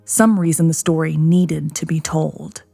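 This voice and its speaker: A woman narrating a first-person horror story in a hushed, tense manner. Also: low voice, steady tone, a little slow, gravelly, slightly rough. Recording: narration over soft music.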